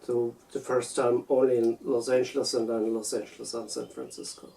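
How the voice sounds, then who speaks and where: Male, German accent, unscripted musing, halting delivery, dark tone, slightly distant from the mic. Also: medium pitch, level tone, creaky. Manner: hesitant, halting with repeated words. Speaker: video essayist. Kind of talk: unscripted personal reflection.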